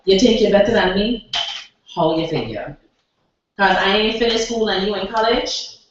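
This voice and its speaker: A woman with a Virgin Islands accent performing her own spoken word poem, addressing the listener forcefully at a cafe open mic. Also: medium pitch, normal speed. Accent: Virgin Islands Creole English. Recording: echoey room, distant lo-fi mic, noise.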